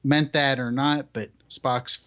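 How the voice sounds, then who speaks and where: A man co-hosting a podcast, talking in a relaxed, unhurried casual way. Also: medium pitch, lo-fi sound. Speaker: podcast co-host. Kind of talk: casual chat.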